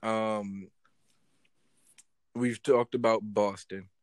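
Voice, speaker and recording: A man's voice: fairly low pitch, flat delivery, drawn-out words, no room sound. A man co-hosting a casual podcast chat, talking animatedly, swearing and repeating himself as he jokes. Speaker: podcast co-host.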